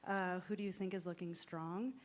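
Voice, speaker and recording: A woman reporter with a fairly low voice puts a question to the panel. She speaks in a measured, polite and orderly way. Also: fairly even intonation. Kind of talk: press conference question.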